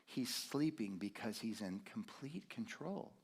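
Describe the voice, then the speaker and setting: A middle-aged man preaching a sermon as pastor, telling stories with big swings from hushed to loud. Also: on the low side, expressive, measured pace, husky. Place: church sanctuary.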